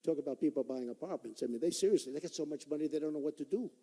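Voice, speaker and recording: A political candidate giving an off-the-cuff campaign rally speech, emphatic and repetitive. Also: male voice, on the high side, very fast, dark tone, breathy edge. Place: large indoor rally venue. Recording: long echo of a large hall.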